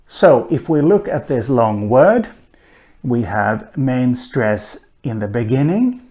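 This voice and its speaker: A man giving a linguistics lecture, talking slowly with many "uh" fillers and an occasional dry aside. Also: medium pitch, big pitch swings, mellow. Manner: slow, hesitant, frequent "uh" fillers, dry asides. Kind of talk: recorded online lecture.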